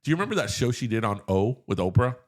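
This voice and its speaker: A man's voice: medium pitch, fast talker. A man co-hosting a podcast, gossiping about celebrities in a loose, chatty way full of "like". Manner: gossipy, animated, lots of "like". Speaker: podcast co-host. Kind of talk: casual chat.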